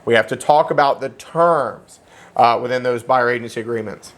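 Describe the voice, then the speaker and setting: A man teaching a real estate licensing class in an animated, joking way, often checking in with "okay?" and speaking. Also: medium pitch, normal speed. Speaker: real estate exam instructor. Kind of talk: classroom lecture.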